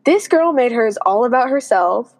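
A chatty young woman with a fairly high voice, co-hosting a relaxed conversation. She rattles along casually and puts on exaggerated voices whenever she quotes someone. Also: moderate pace. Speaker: podcast co-host. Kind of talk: casual chat.

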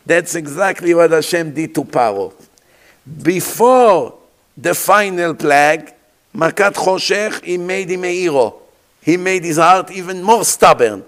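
High-voiced rabbi preaching a dramatic sermon. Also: male voice, lively intonation, unhurried, a bit bright. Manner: rhetorical questions to the audience.

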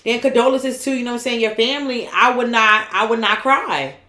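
Emphatic woman podcast co-host, bright voice. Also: a little high, a little fast, roomy sound. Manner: emphatic, repeats herself. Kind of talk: casual chat. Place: room with window open.

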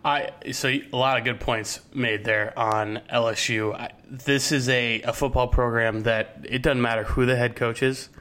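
A man's voice: mid-range voice, fairly even intonation, normal speed, hardly any pauses, sharp tone. A young man co-hosting a sports podcast, chatting casually and rambling with many restarts. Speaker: podcast co-host.

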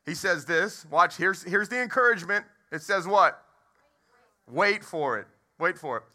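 This thirty-something Texan pastor has a high-pitched, sharp voice with lively intonation and a slightly slow pace. He preaches a sermon built around a funny story, asking the crowd questions, in a movie theater that doubles as a church.

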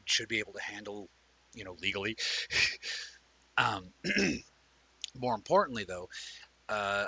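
Bright-voiced male host telling a story. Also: lowish voice, breathy edge, poor audio. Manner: animated storyteller, rambling with restarts; reads out and answers viewer comments. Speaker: livestream show host. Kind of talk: casual storytelling chat.

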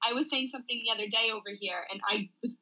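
A woman's voice: a little high, racing, pushed and bright, poor audio. A woman in her twenties in casual chat, giggling often. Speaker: speech pathology student.

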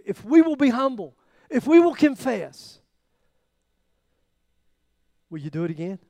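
A man preaching a sermon, acting out quoted prayers, shifting from loud bursts to near whispers. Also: high-pitched, clean tone, no room sound. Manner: dramatic, acts out biblical quotes with swings in loudness. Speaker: pastor.

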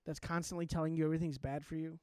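A young man co-hosting a podcast, telling stories in a casual, animated way and acting out the people he quotes. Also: on the high side, rapid-fire, smooth, no room sound, studio quality. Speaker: podcast co-host. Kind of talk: casual chat.

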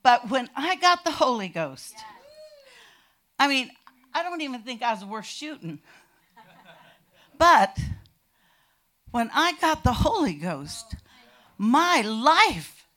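An older woman from California telling her family's faith testimony in a lively storytelling way that swells into shouting. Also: high voice, slow pace, long pauses. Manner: animated storytelling, bursts into shouting. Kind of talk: personal testimony.

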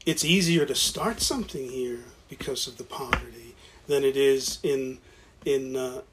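A man's voice: medium pitch, unhurried, noisy background. A man talking casually about founding a college, stopping and restarting often, repeating words as he goes. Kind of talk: casual conversation.

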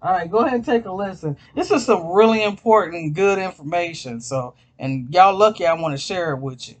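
A man's voice: high voice, lively intonation, a little fast, no room sound. A man hosting his own podcast, talking in a rambling, casual way, swearing freely and addressing listeners as y'all. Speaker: podcast host. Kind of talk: casual chat.

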